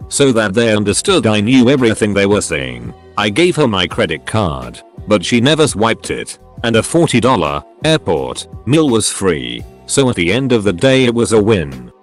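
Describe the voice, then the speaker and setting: Man, story narrator, lowish voice, even reading pace, soft background music. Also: normal speed, hardly any pauses. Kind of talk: scripted narration of reader stories.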